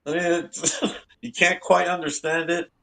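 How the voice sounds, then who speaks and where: A male comedian chatting on a comedy podcast, telling stories in a rambling, halting way with lots of restarts and laughing. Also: fairly high pitch, level tone, gravelly, fairly bright tone. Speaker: comedian guest. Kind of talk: casual comedy podcast chat.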